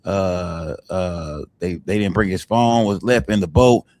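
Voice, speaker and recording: A man hosting a livestream, giving shout-outs to viewers and hyping up his chat. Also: sits low, unhurried. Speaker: livestream host.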